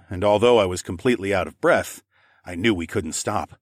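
A man narrating a first-person story in a steady, even reading voice. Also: sits low, fairly quick, dry recording, clean studio sound.

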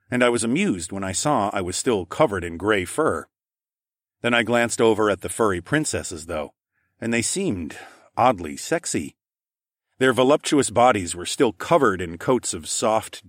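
A man narrating a first-person story in a steady, even reading voice. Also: fairly low pitch, no room sound, studio quality.

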